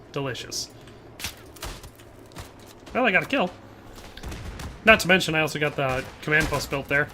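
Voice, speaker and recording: Young guy streaming a shooter, bright voice, slightly high, chatty, laughs a lot, headset mic. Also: slight background noise. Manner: chatty, laughs often, trails off mid-sentence. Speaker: livestreamer. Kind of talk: casual gameplay commentary reading chat.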